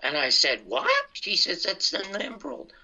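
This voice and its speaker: An older man, a comedian, telling his life story in a casual, animated way and acting out the dialogue. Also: on the high side, normal speed. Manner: animated anecdotal, acts out dialogue. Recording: dull lo-fi sound.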